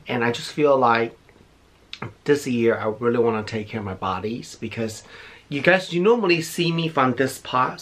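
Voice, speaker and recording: A man's voice: mid-range voice, fairly bright tone. Middle-aged guy, gushy and effusive, bit out of breath, faint hiss behind. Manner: gushing, effusive, repeats himself. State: a little out of breath. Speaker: beauty vlogger. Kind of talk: casual unboxing chat.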